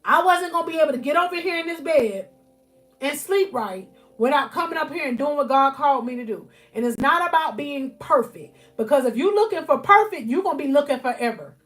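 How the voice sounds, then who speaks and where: A woman's voice: high voice, animated, a little fast, fairly bright tone, faint music behind. A woman life coach giving fervent motivational preaching on a live stream from home. She repeats her phrases and keeps calling out to her listeners as y'all. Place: at home, near her bed.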